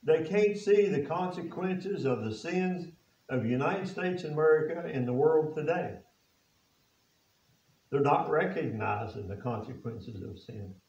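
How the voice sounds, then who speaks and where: Echoey, distant pastor preaching a sermon. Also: male voice, fairly high pitch, expressive, measured pace, a little mellow. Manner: preaches with rhetorical questions to the congregation; reads scripture aloud in old biblical wording. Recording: echoey, distant and dull-sounding.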